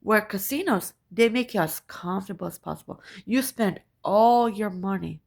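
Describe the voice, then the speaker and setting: A woman's voice: medium pitch, moderate pace, creaky, a little mellow. A woman ranting to camera, profane and emphatic, repeating her points and asking "right?" again and again. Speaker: spiritual vlogger.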